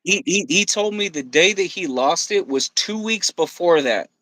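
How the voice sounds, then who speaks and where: A man telling a story on a podcast, swearing freely and quoting himself and others in an animated way. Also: high-pitched, normal speed, no room sound, low-quality recording. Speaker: podcast guest. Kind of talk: casual storytelling. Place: podcast studio.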